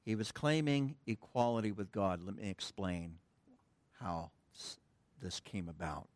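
Speaking with a low, slightly mellow voice at a measured pace, a middle-aged pastor teaches a Greek grammar point during a sermon in the church sanctuary. He jokes casually with the congregation, and no room sound is audible.

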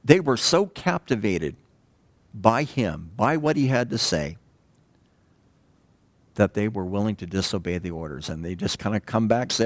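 A man preaching a sermon in a conversational way, pausing often and asking the congregation rhetorical questions. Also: lowish voice, expressive, no echo. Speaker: pastor.

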